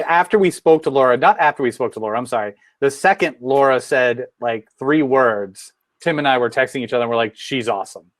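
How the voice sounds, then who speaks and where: A man's voice: mid-range voice, dry recording. Podcast cohost guy, mid voice, dry close sound, jokey and self-deprecating. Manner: animated, self-deprecating, acts out quotes. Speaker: podcast co-host. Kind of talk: casual podcast chat.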